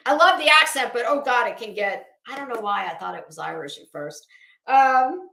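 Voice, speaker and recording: A woman's voice: a little high, lively intonation, moderate pace, creaky, pushed and bright, reverberant. A woman streamer doing casual commentary, chatty and sassy, talking straight to the people she discusses. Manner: chatty, sassy, addresses people directly with asides and laughs.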